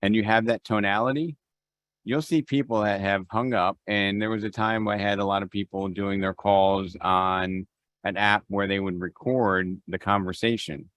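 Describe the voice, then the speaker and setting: A man's voice: on the low side, steady tone, normal speed, a bit bright, no echo. A man leading a real estate mastermind on a video call, talking conversationally with restarts and acted-out phone exchanges. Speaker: real estate team leader.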